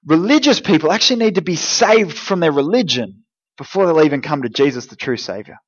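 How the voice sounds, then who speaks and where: A man giving a lively, jokey youth group talk, speaking straight to teenagers. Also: fairly high pitch, brisk, breathy edge, highs cut off. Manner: energetic, jokey, direct address to teens. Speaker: youth pastor.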